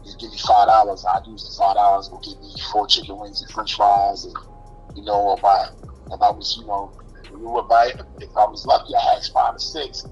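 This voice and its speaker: A man's voice: fairly low pitch, flat delivery, brisk, breathy edge, dull audio, soft background music. A man in his forties with a New York accent, telling life stories as an interview guest in loose street slang. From Brooklyn, New York. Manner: loose street slang, restarts, acts out quoted voices. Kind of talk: casual storytelling.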